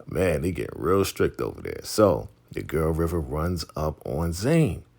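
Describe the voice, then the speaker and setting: Very deep gravelly man recapping a show. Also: very animated, measured pace, a little mellow. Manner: retells scenes, acting out characters' lines. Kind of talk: casual episode recap.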